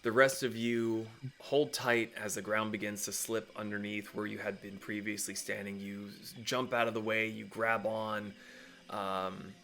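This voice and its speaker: A man's voice: fairly low pitch, a little slow, a little hiss or hum. Man running a tabletop game. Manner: relaxed, loose narration with fillers and swearing. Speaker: game master.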